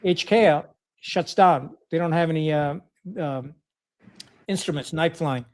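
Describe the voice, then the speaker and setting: A man's voice: fairly high pitch, measured pace, a little mellow. Blunt, salty middle-aged man telling war stories. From Pakistan. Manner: blunt, profane, acts out quoted dialogue. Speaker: podcast guest, retired Marine officer. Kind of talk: casual war storytelling.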